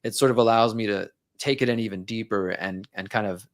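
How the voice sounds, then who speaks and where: A man's voice: fairly low pitch, fairly even intonation, a little fast, no room sound, studio quality. A man speaking as an interview guest, talking candidly and reflectively, and sometimes acting out his own inner dialogue.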